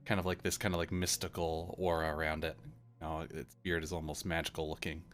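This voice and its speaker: A man's voice: a bass voice, little pitch movement, fast talker, fairly bright tone. A man narrating as game master in a loose, rambling way with many fillers.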